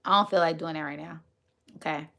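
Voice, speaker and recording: Woman host, bright, forceful voice, chatty livestream talk. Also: low voice, steady tone, brisk, creaky. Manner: chatty, thanks viewers often, says y'all. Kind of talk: casual livestream chat to viewers.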